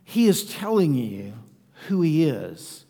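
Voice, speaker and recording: A man's voice: on the high side, sing-song, slow pace, dark tone. A man preaching a sermon as pastor, talking conversationally and putting questions to his listeners. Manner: conversational, asks the congregation questions. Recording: long reverb of a church hall.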